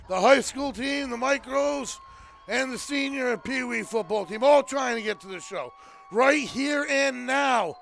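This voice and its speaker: A man calling a high school football game live as play-by-play announcer, often shouting with excitement over the plays. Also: vocal fry, slight background noise. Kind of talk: live sports commentary.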